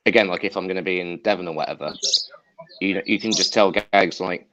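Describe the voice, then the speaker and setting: A man's voice: sits low, fast talker, noisy background. A man co-hosting a podcast, swapping enthusiastic anecdotes in casual chat. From Essex, England. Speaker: podcast co-host. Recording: dull lo-fi sound.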